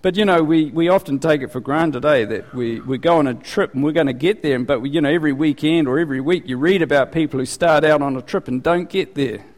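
A man delivers a sermon in a relaxed, talkative way, his voice sitting a little high. He lifts his pitch when he voices the questions of others. The sound carries a long hall reverb. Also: quick pace, hardly any pauses. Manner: conversational, animated, rising in pitch for quoted questions. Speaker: pastor.

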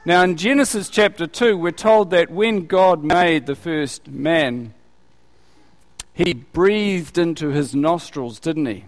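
Slow and a little high, this man's slightly raised voice echoes with long reverberation through the hall as he preaches. He teaches the Bible in a relaxed, conversational style, addressing questions to his audience.

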